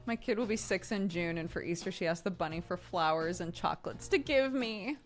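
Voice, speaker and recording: A woman's voice: on the low side, animated, fairly quick, soft background music. A woman in her thirties chatting casually on a stream, telling a story and laughing often.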